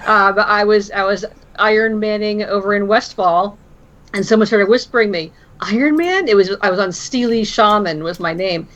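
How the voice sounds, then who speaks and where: Lively woman guest on a lo-fi call. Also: mid-range voice, normal speed. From United States. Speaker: podcast guest. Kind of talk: casual podcast chat. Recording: dull lo-fi voice call audio.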